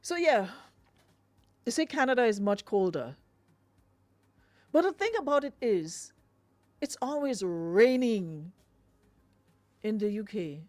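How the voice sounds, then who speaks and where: A woman's voice: mid-range voice, big pitch swings, slow pace, pauses often, darkish tone, dry recording. Chatty Grenadian woman on radio. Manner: chatty, laughing, full of fillers. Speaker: radio host. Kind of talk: casual radio chat.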